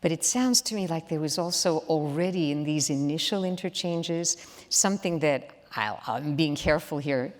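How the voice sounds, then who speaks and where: A woman's voice: sits low, moderate pace, few pauses. A woman interviewing a guest onstage, asking thoughtful questions carefully and with hesitations. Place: large theater hall, live audience. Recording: hall reverb.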